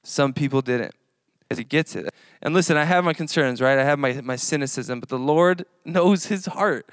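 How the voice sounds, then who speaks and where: A man's voice: a little high, normal speed, no room sound, studio quality. A man in his thirties giving a casual sermon as a young adults pastor, telling a story in a chatty, rambling way with lots of fillers.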